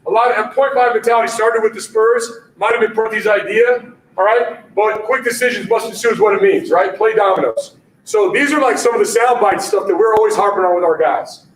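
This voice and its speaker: A man giving an energetic basketball coaching talk at a conference, punchy and repetitive, checking in with "all right?" all the time. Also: high voice, brisk. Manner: energetic, punchy, repeats catchphrases, keeps asking "all right?". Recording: echoey room audio from a distance.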